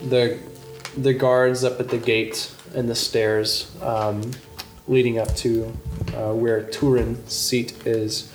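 Man, game master, halting narration, roomy echo, music behind. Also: mid-range voice, flat delivery. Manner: halting, many ums. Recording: echoey room with music.

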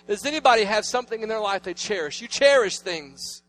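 Male pastor, 30s, high-pitched, storytelling sermon voice with a faint noise floor. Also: animated, brisk. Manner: storytelling, swings between loud preaching and hushed asides.

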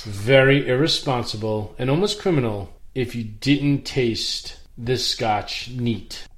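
A man's voice: medium pitch, takes it slowly. A man from Long Island, a guest on a casual podcast, easygoing and laughing along, sometimes stumbling over words. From Long Island, New York. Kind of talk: casual chat.

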